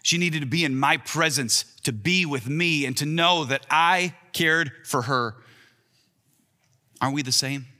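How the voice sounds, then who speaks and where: A man's voice: on the high side, a little slow, bright, forceful tone. A man in his thirties preaching an earnest sermon as a pastor, voicing the quoted lines with more lift. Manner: earnest, rising for acted-out quotes. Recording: long reverb in a large hall.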